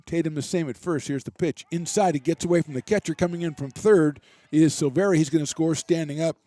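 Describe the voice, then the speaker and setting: A man doing relaxed, chatty play-by-play commentary for a college baseball game, with self-deprecating asides. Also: a little high, fairly quick, no room sound. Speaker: play-by-play announcer.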